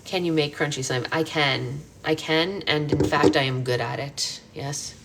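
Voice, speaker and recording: A woman's voice: sits low, steady tone, unhurried, gravelly, echoey room, background noise. Chatty woman hosting a livestream. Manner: chatty, reads out viewer comments, playful mock-boasting. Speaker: livestream host. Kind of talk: casual livestream chat.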